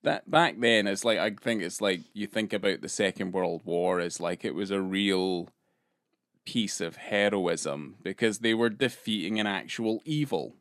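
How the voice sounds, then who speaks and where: A man's voice: sits low, a little slow, fairly bright tone, dry recording, studio quality. A man co-hosting a podcast in casual, rambling chat full of fillers and hesitations. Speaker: podcast co-host.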